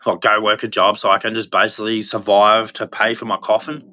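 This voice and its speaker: Brief: man, livestream monologue, bright forward tone, halting, restarting, worn down. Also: on the low side, flat delivery. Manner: halting, rambling, with frequent restarts; weary and despondent. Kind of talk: unscripted personal monologue.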